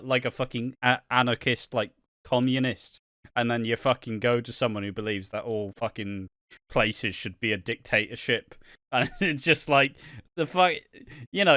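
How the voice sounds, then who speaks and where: A man's voice: medium pitch, bright, forceful tone, dry recording, studio quality. A man from Wales co-hosting a podcast, chatting casually, swearing freely and laughing often as he rambles. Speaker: podcast co-host. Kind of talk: casual chat.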